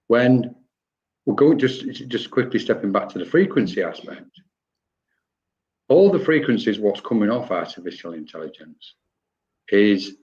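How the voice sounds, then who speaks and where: A man's voice: fairly low pitch, darkish tone, lo-fi sound. A man co-hosting a live online spiritual discussion over a video call, talking in a rambling, reflective way with frequent restarts. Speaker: co-host of a spiritual talk.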